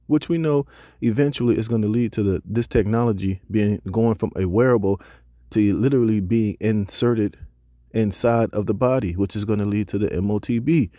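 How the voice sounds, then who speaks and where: A man's voice: lowish voice, moderate pace, dark tone, dry recording. A man teaching a Bible lesson, reading scripture and then preaching emphatically with casual slang asides.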